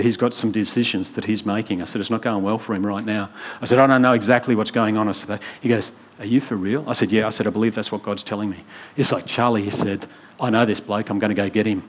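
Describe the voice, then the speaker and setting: A middle-aged man, a church worship leader telling testimony stories to a congregation and voicing the people in them. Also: mid-range voice. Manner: storytelling, voicing each person he quotes.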